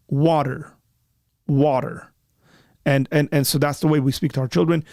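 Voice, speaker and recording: A man hosting a live call-in show, arguing and answering chat questions with quick restarts and repeated words. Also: medium pitch, gravelly, darkish tone, no echo, studio quality. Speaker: apologetics show host.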